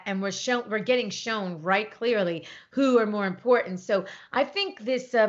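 A woman co-hosting a casual podcast chat over a remote call, retelling stories with lively voiced quotes. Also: medium pitch. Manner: animated storytelling, acts out quotes. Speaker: podcast co-host. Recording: lo-fi internet call audio.

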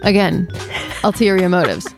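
A woman's voice: on the low side, expressive, moderate pace, soft background music. A woman co-hosting a casual chat with her wife, playful and teasing, often laughing. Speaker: podcast co-host.

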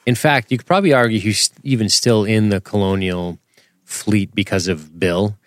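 Man, podcast co-host, dry humor, measured casual talk, low-pitched, dead-dry sound. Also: no room sound. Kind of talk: casual TV rewatch podcast chat.

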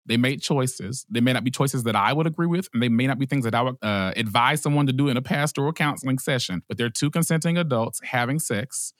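A man co-hosting a podcast in casual chat, animated and joking, sometimes breaking into preacher-style bits. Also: mid-range voice, fast, few pauses, no room sound, clean studio sound. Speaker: podcast co-host.

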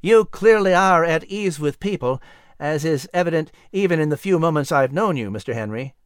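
A shy young gentleman answers stiffly and modestly, as a man plays him. The voice moves through a lively pitch range and is recorded dry and close. He comes across as bookish and awkward in company. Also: normal speed, no room sound. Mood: reserved. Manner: stiff, reserved. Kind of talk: storybook reading.

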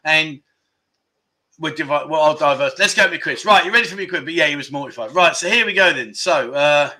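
Middle-aged English livestream host, chatty storyteller, slightly high, bright tone. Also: male voice, a little fast. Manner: chatty storyteller reading viewer comments aloud. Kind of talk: casual livestream chat.

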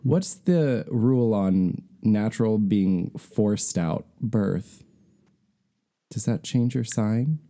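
A man's voice: fairly low pitch, lively intonation, slow pace, mellow. A man co-hosting a podcast, laid-back with short, chuckling replies. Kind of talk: casual chat.

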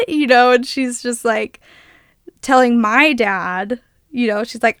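Co-hosting a podcast, this twentysomething woman has a fairly high, clean-toned voice and a measured pace. She chats casually and tells stories, dropping "like" as a filler again and again, in a dry, studio-quality recording.

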